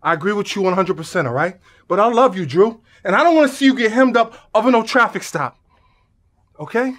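Young man, high voice, very lively pitch, playful, teasing. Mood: earnest. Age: young adult. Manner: playful, teasing, quick to laugh. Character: upbeat joking young man, Theo. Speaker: friend running a youth program.

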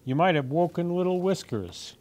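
A man's voice: expressive, normal speed, darkish tone. A man voicing a little girl who fusses over her cats, scolding and then begging forgiveness in a raised voice. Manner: raised pitch, fussing and scolding. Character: little girl, caring cat owner.

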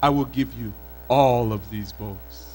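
A man voicing a mysterious, benevolent male river spirit who speaks slowly and solemnly in a told folk tale. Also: warm tone, faint music behind, close to an everyday voice, poor audio. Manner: slow, deep, solemn questioning.

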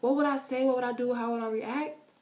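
A woman chatting to camera in an animated way, answering viewer questions and calling her viewers girl. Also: fairly high pitch, a little fast, roomy sound. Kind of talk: casual chat to camera.

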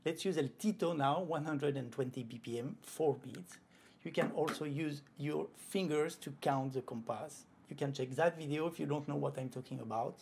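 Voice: medium pitch, moderate pace, vocal fry, darkish tone, slight background noise. Flamenco guitar teacher counting out rhythms. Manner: explains patiently, sings out rhythm syllables. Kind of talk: online music lesson. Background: faint guitar playing.

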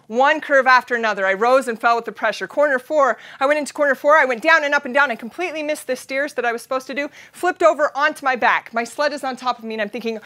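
A woman in her thirties from Utah giving an animated storytelling keynote, acting out voices and sound effects. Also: high-pitched. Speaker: keynote speaker.

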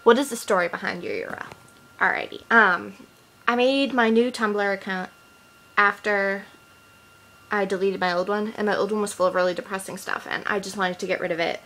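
A woman in her twenties, a vlogger from Boston, Massachusetts, speaks with a Boston accent as she casually and jokily reads questions aloud and answers them for an accent challenge vlog. Her medium-pitched voice is steady, brisk, and a bit bright. The recording, captured on an iPod built-in mic, is rough.

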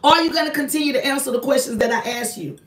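A woman's voice: high-pitched, fast. A woman hosting a confrontational live stream, hammering one person with repeated accusing rhetorical questions and calling on God. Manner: preachy, invokes God. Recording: roomy echo, voice distant from the mic.

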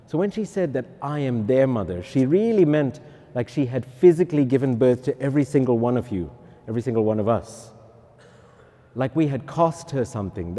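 A middle-aged man, a priest, giving a personal testimony in lively storytelling style with self-mocking humorous asides. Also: medium pitch. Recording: echoey hall.

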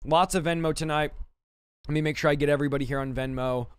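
A man hosting a livestream, quickly thanking donors and stumbling over names, a little out of breath. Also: a little high, steady tone, smooth, no echo. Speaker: livestream host.

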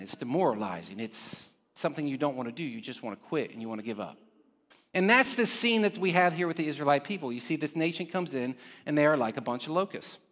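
High-voiced man preaching in a reverberant church. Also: a bit bright. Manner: conversational, with frequent rhetorical "right?" check-ins. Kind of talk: sermon. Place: church sanctuary.

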